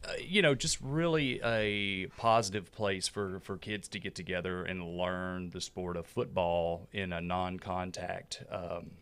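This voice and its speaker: A man's voice: sits low, steady tone, measured pace, hardly any pauses, a bit bright, clear, resonant tone. A man as a radio interview guest, speaking hesitantly with many fillers. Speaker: guest, youth football organizer.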